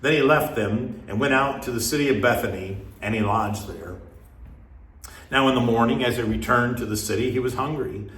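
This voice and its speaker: Male scripture reader, mid-pitched, steady and measured, roomy echo on the recording. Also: recorded from a distance. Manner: measured, steady reading pace with pauses between phrases. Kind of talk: reading scripture aloud.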